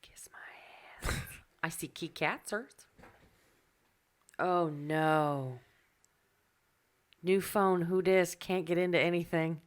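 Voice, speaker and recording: A woman's voice: on the low side, fairly even intonation, slow pace, pauses often. A woman co-hosting a podcast in casual chat, brash and sassy, swearing freely as she reads the news. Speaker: podcast co-host reading news.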